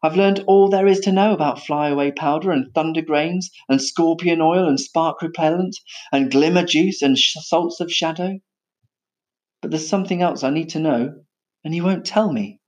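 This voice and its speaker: A man's voice: a little high, moderate pace, a little mellow, pitched above the performer's own voice, lightly acted. A man voicing an earnest, worried young girl apprentice in a storybook reading.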